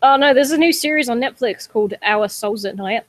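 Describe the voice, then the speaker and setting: A woman's voice: fairly high pitch, fairly quick. A woman co-hosting a casual stream chat, blunt and swearing as she tells stories. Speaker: stream co-host.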